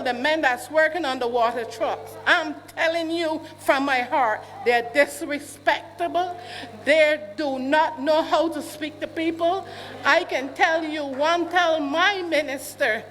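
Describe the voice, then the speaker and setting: A woman in her sixties with a Barbadian accent, speaking up indignantly as a resident at a town hall meeting, often asking questions aloud. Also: high voice. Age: 60s. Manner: indignant, repeats questions, rising to shouts. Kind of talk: public complaint at a meeting. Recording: hall reverb, faint hum.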